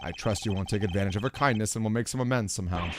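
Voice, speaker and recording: A man voicing a stern, composed male prosecutor in a game, speaking in a low, measured and formal way. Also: noisy background, natural voice. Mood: dry.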